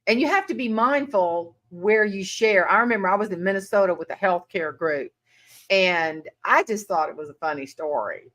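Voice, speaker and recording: A woman host in casual conversation who tells stories in a chatty, easygoing way. Her voice sits at a middle pitch. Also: moderate pace, fairly bright tone. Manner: chatty storyteller. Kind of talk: casual chat.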